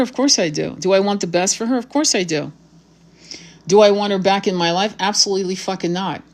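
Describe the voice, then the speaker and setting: A woman with a mid-range voice, speaking in a loose monologue straight to her viewers. She reads tarot and talks bluntly and confrontationally, swears freely and uses spiritual terms. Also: medium pitch. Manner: spiritual vocabulary. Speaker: tarot reader. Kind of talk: casual monologue to camera.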